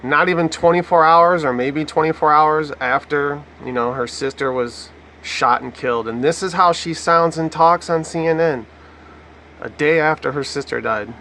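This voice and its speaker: Bright-voiced sarcastic male commentator. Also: a little high, moderate pace, a little hiss or hum. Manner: sarcastic and profane. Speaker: online commentator. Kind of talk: mocking commentary over a news clip.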